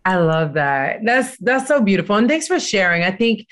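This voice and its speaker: A woman with a mid-range voice hosts a heartfelt conversation. She is effusive and affirming, warmly heaping praise and thanks. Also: mid-range voice, very animated, normal speed.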